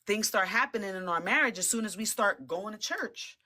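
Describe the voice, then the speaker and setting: A woman guest telling a personal faith testimony in a casual, animated way, often laughing and repeating words as she talks. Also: mid-range voice, moderate pace. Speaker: interview guest giving testimony.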